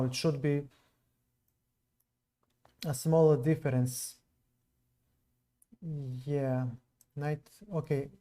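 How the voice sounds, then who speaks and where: Serbian guy streaming chess, talks real slow, kinda high mellow voice, chats w viewers. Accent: non-native English. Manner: slow, musing, chats with viewers between moves. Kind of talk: live stream commentary while playing.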